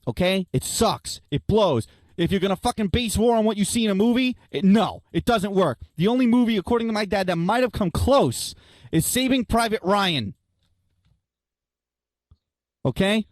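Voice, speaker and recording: A man's voice: high voice, no echo. A young man hosting a radio show, reading listener messages and ranting bluntly with plenty of profanity, calling his listeners guys and folks. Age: young adult. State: out of breath. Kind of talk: opinionated talk radio rant.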